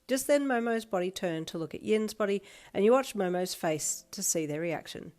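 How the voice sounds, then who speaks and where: A woman with an Australian accent reading a fanfiction story aloud in steady, plain narration. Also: lowish voice. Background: faint background music.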